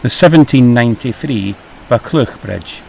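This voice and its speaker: A man's voice: medium pitch, animated, normal speed, vocal fry, a little mellow, slight background noise. A middle-aged man hosting a travel vlog, easygoing and a little hesitant, over faint music. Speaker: vlog host.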